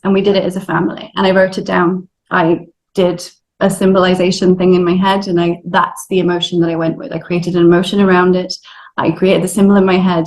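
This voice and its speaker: A woman in her thirties, a guest on an interview show, telling her story in a lively way and acting out what others said. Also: fairly low pitch, poor audio. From Wales. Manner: animated storyteller acting out quotes. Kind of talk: casual interview.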